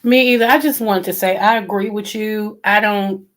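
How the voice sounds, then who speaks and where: A woman joining a live stream as a guest, talking in an earnest, agreeable and somewhat halting way. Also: mid-range voice, fairly bright tone. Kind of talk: casual chat.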